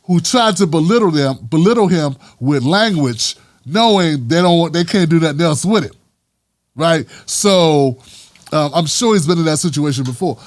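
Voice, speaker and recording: Man, commentary host, high voice, lively swooping delivery, emphatic casual talk, dry close sound. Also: normal speed, no echo. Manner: animated, emphatic, street-casual speech. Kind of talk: political commentary vlog.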